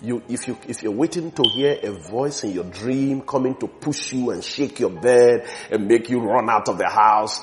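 A man preaching a sermon in a church, emphatic, his voice swelling loud on key phrases and sinking low at the ends of others. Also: normal speed, few pauses.

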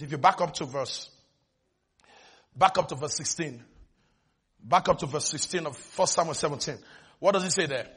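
Male preacher, very high bright voice, animated sermon, shouts at peaks, call-and-response. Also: husky.

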